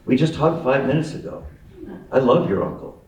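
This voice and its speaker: A man's voice: mid-range voice, animated, normal speed, a crowd in the background, voice pushed up, close to an everyday voice. A man voicing a teasing, stoned family friend who giggles at his own jokes. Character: joking, stoned middle-aged male family friend. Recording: roomy sound from a distant mic.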